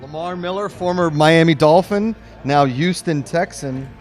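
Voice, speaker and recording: A man's voice: fairly high pitch, measured pace, faint music behind. A man hosting a fantasy football draft, announcing picks and joking with the players. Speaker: draft host. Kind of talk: lively draft emceeing.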